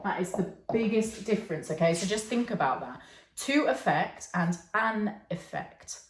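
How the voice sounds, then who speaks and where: Expressive and of medium pitch, a woman's voice moves at a normal speed as she gives an online English lesson. Her manner is patient, with frequent "okay" and "yeah" check-ins, and the room is echoey.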